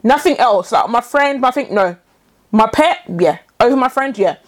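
A woman's voice: a little high, lively intonation, moderate pace. A woman co-hosting a podcast, chatting casually with sarcastic, incredulous remarks. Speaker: podcast co-host. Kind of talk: casual chat.

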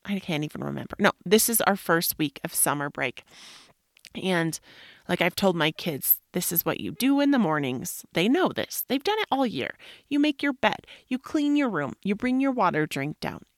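A woman in her thirties hosts a casual solo podcast, candid and rambling, now and then slipping into a whisper or a swear. Her voice sits a little low. The sound is close and dry, with no room around it. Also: big pitch swings, normal speed, no room sound. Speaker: podcast host.

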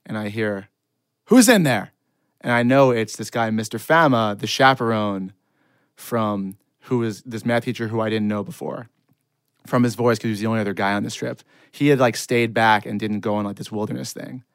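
A man's voice: fairly low pitch, fairly even intonation, fairly quick, smooth, no echo, clean studio sound. A man telling a long, self-deprecating funny story in casual chat. He rambles and laughs often.

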